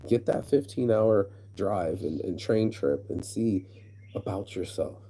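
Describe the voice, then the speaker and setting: Rambling, profane American man with a husky voice. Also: lowish voice, lively intonation, measured pace, mellow. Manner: profane, rambling, repeats words when worked up. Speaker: vlogger. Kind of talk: casual rant to camera. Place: outdoors in a hammock.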